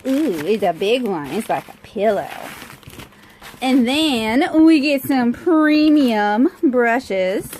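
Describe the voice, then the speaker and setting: A woman's voice: a little high, a little hiss or hum, poor audio. A woman voicing a fancy, syrupy Southern lady with a Southern accent and a sweet, exaggerated drawl, recorded on a handheld phone. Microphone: cell phone held in hand.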